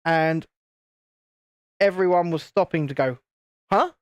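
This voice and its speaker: In his late thirties and speaking British English, a UK YouTube host chats casually and rambles, interrupting himself while building live. His high-pitched voice is expressive and unhurried, recorded with no echo.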